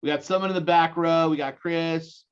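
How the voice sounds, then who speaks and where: A man in his forties with a Utah accent leads a lively seminar, throwing questions at his audience. His voice sits a little high for a man. The sound is dull and lo-fi, like audio sent over a video call. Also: normal speed, clear, resonant tone. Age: 40s. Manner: energetic, rallying the audience with questions. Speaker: guest speaker. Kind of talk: live seminar presentation.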